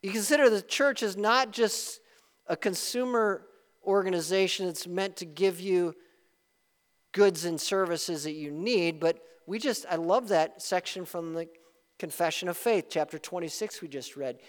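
A man's voice: high voice, measured pace, big-room sound. A man preaching a sermon as pastor, earnest and emphatic, with rising bursts of emphasis.

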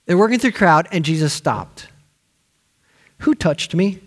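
A male pastor preaching a sermon, telling a story with lively acted-out voices for the people in it. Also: sits high, moderate pace. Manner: animated storytelling, acting out quoted voices.

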